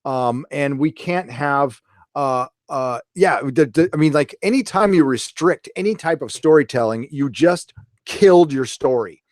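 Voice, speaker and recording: A man's voice: a little high, lively intonation, unhurried, a little mellow, dry recording, studio quality. A man hosting a casual pop culture livestream, talking in a rambling, chatty way and cursing freely. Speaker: pop culture show host.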